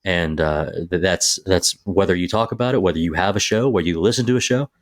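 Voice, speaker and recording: A man's voice: low-pitched, quick pace, no room sound, studio quality. A man co-hosting a movie podcast, chatting casually and reading out film picks with enthusiasm. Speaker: podcast co-host.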